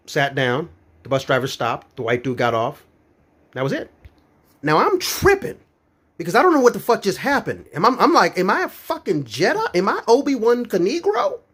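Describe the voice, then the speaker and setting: A man's voice: medium pitch, slightly rough. A young man from Florida telling profane, incredulous stand-up comedy stories about his own life. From Florida, USA. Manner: profane, animated, incredulous storytelling.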